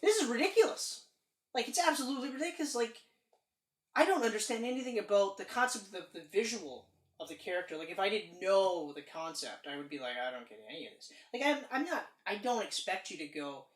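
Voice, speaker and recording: A woman co-hosting a podcast, reviewing a film in casual chat, animated and emphatic, acting out lines and swearing freely. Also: medium pitch, a little fast. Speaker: podcast co-host. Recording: roomy echo.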